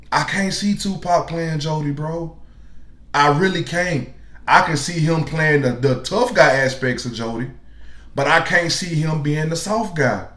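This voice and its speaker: A man hosting a reaction video, giving his opinion in slow, emphatic casual commentary. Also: a little high, fairly bright tone, reverberant. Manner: slow, emphatic, drawn-out phrases.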